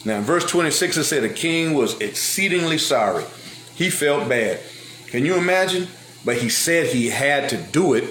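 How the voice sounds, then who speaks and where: A male preacher retelling Bible stories in lively everyday speech and slang during a sermon. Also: mid-range voice, roomy sound, a little hiss or hum. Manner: animated, retells scripture in everyday vernacular. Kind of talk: sermon storytelling.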